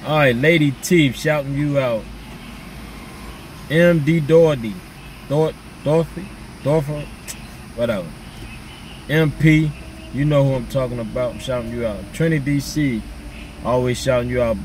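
A man's voice: medium pitch, measured pace, pauses often, a little mellow, distant mic, a little hiss or hum. A man in casual chat with his viewers, laid-back and slangy, reading out viewer names. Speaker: vlogger.

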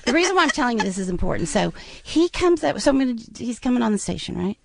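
A woman hosting a casual late-night radio show, rambling and chatty, animated when she tells a story. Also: fairly high pitch, fast talker, vocal fry, no echo. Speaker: radio DJ host.

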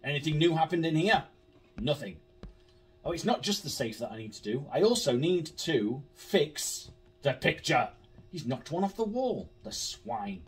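A man's voice: on the high side, big pitch swings, moderate pace, far from the mic, faint music behind. A man commentating a horror game, swearing a lot, jumpy and sarcastic. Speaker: gaming YouTuber.

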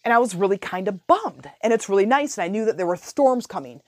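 A woman hosting a podcast, telling a personal story in a casual, animated way. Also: mid-range voice, fast, dry recording. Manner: animated, chatty, retells her own thoughts aloud. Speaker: podcast host.

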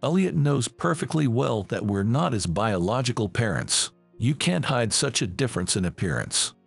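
A reserved, steady gamekeeper and father, terse in what he says, in the narrator's own voice. The voice is gravelly and husky with a lively pitch. The sound is dry and close, a storybook reading. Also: moderate pace, faint music behind, exaggerated voice. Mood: dismissive.

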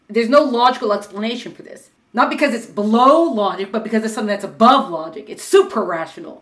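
Fast-talking woman teaching in an echoey room. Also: mid-range voice. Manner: conversational, acts out questions in animated voices. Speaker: Torah teacher. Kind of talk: recorded class on Jewish mysticism.

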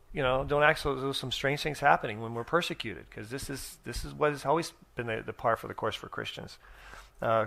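Bright-voiced man preaching with folksy rambling. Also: medium pitch, vocal fry. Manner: folksy, rambling, with many restarts and fillers. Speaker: guest speaker. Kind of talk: sermon storytelling. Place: church.

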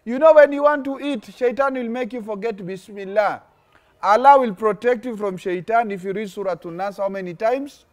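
A man's voice: high voice, moderate pace. A young man hosting an interactive children's lesson, acting out little stories and prompting the kids to finish his sentences. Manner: animated, acts out stories, call-and-response questions. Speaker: children's religious teacher and host.

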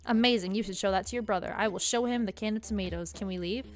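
A woman's voice: mid-range voice, fast talker. Giggly young woman gaming streamer. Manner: chatty, giggly, reading game text aloud. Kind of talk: let's play commentary.

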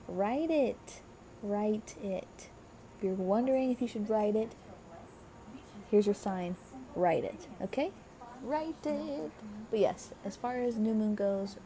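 A woman's voice: medium pitch, warm tone. A young woman giving a casual, encouraging spiritual card reading, chatty and full of fillers, her voice tired and a little crackly. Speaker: tarot card reader.

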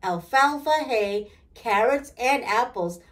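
A woman voicing a cheerful, curious little girl doll in a high, eager childlike voice. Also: lively intonation, takes it slowly.

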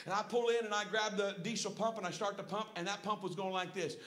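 A middle-aged man preaching a folksy sermon with personal stories, swinging from hushed asides to shouted praise. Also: sits high, fairly even intonation, fast. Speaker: pastor. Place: church sanctuary. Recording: echoey church room. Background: congregation calling out responses.

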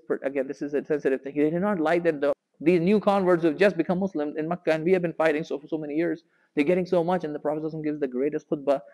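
A man giving a storytelling religious lecture, animated and raising his voice sharply when he quotes the people in his story. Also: fairly high pitch, big-room sound, rough recording. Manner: animated, raises voice sharply when quoting figures.

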